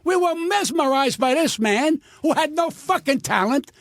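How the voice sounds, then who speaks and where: A man's voice: very high-pitched, animated, normal speed, fairly bright tone, no room sound, clean studio sound. An older man, a comedian guest, telling stories in an indignant, profane, stammering rant. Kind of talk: ranting storytelling.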